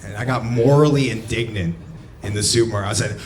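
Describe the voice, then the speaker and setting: A man performing a stand-up comedy set, telling a story and breaking into sudden shouts. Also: fairly low pitch, brisk. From United States. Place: comedy club stage. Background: audience laughter.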